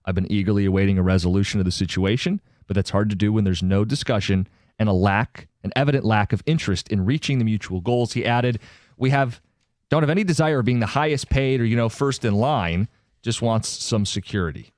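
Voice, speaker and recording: A man hosting sports talk radio in a studio, briskly reading listener texts and news statements aloud. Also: on the low side, a little mellow, no echo.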